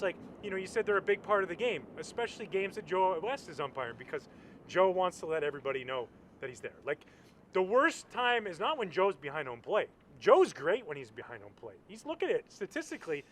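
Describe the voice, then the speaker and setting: A man, a former baseball pitcher, telling lively stories as a guest and acting out the voices of others, outdoors at a stadium. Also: slight background noise. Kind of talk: animated storytelling.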